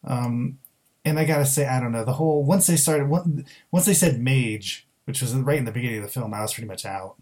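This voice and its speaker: A man's voice: mid-range voice, brisk, a little mellow. Blunt, exasperated male podcast film reviewer, casual and sweary. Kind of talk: casual chat.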